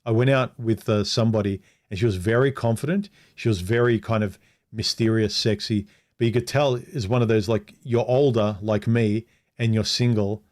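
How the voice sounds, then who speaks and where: Speaking at a moderate pace, a middle-aged vlogger with a fairly low, slightly mellow voice and fairly even intonation tells a story about himself on a relaxed livestream. He rambles openly, restarts sentences frequently, and acts out quoted speech.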